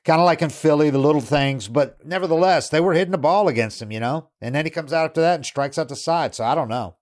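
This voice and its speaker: A man's voice: on the high side, fast. A man hosting a baseball podcast, talking casually and at length, restarting sentences and quoting players. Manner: rambling, with frequent restarts and quoted asides. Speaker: podcast host. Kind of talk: casual sports talk.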